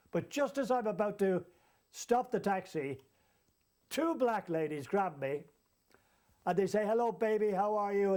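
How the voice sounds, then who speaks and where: A man telling a comic travel anecdote as a storyteller, lively and chuckling along as he goes. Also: sits high. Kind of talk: comic anecdote told to an audience.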